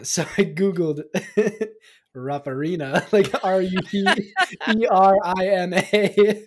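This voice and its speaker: A man's voice: high voice, slow. A young man on a podcast in casual chat, laughing through his words. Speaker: podcast co-host.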